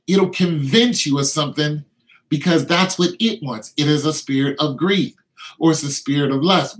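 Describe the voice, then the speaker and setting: Emphatic preacher man, fairly high voice. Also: moderate pace, poor audio. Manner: emphatic, repetitive, acts out tempting inner voices. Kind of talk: informal street sermon.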